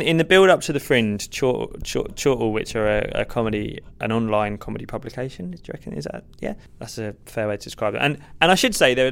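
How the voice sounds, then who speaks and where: A man's voice: medium pitch, vocal fry, a bit bright, clear, resonant tone. A man, a stand-up comedian, giving candid, self-deprecating and rambling answers in a podcast interview.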